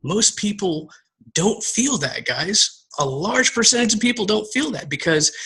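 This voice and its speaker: A man from Southern Texas giving a casual motivational talk to his team, energetic and rambling, repeating words and calling his viewers guys. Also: high-pitched, unhurried, breathy edge, poor audio. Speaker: team coach giving a live video talk.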